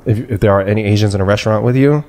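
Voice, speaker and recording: A man hosting a casual podcast chat, telling a story in an animated way and acting out the people he quotes. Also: on the low side, rapid-fire. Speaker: podcast host.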